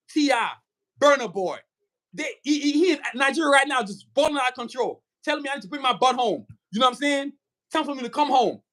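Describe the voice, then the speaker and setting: A man's voice: extremely high pitch, a bit bright. A man hosting a casual podcast interview, talking in hyped, streetwise banter. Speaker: podcast host.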